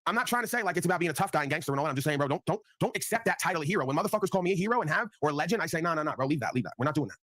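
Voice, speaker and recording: A man's voice: on the high side, animated, rapid-fire, few pauses, fairly bright tone, no room sound. A man hosting a live online panel, talking in a blunt, profane way and often tagging his points with "right?". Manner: blunt, profane, repeats tag questions. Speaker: livestream panel host. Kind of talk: casual ranting talk.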